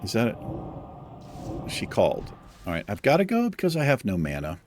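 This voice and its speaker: A young man with a lowish voice talks over his gameplay in loose, rambling commentary. His pitch swings widely as he tells a story, and he drops curse words freely along the way. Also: wildly swooping pitch, fairly quick, a little mellow, a little hiss or hum. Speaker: gaming streamer.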